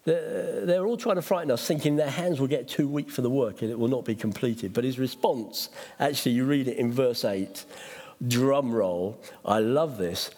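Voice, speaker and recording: A middle-aged man, a pastor, preaching a sermon in an animated way, acting out quotes and laughing at himself. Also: mid-range voice, normal speed. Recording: long hall reverb.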